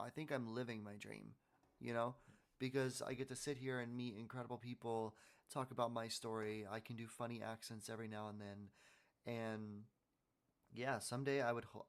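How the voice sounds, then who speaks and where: A man's voice: mid-range voice, steady tone, normal speed. A man hosting a casual interview podcast, upbeat and encouraging. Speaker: podcast host.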